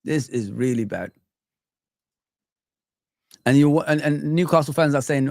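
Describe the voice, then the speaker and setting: A man hosting a casual football live stream, reacting excitedly to clips and chatting with viewers. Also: medium pitch, unhurried, vocal fry, long pauses.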